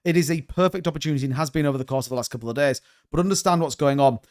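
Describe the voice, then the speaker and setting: A man's voice: on the high side, very fast, darkish tone. A young man hosting a crypto stream, chatting casually and rambling with frequent restarts. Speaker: crypto channel host. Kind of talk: casual livestream chat.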